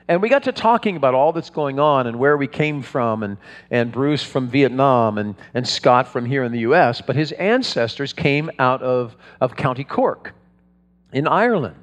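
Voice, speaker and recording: A man's voice: mid-range voice, lively intonation, normal speed. Preacher man in an echoing hall. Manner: storytelling, conversational with frequent restarts. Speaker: pastor. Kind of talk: sermon. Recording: long hall reverb.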